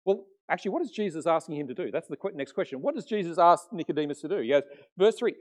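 A middle-aged man preaching a sermon as pastor, conversational and animated, often acting out quotes. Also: a little high, fast, hardly any pauses.

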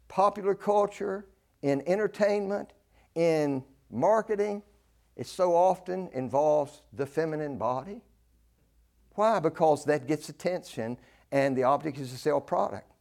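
High-voiced older preacher, emphatic. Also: male voice. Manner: emphatic, repeats key phrases, swings between loud and hushed. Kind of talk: sermon.

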